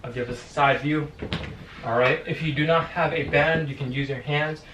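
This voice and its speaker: A male boxing coach guides a stretching session, counting each hold aloud and dropping quick encouraging cues. He sounds slightly winded, and his voice sits a little high. It reaches the mic from across an echoey room with a faint background hiss. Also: steady tone, recorded from a distance. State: a little out of breath. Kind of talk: home workout instruction.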